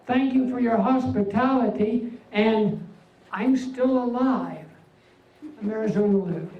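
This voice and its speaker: An older man with an unusually high voice doing a stand-up comedy set, delivering deadpan one-liners with pauses before each punchline. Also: dull audio. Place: veterans' hall event room. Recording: echoey hall, mic far off, faint hum.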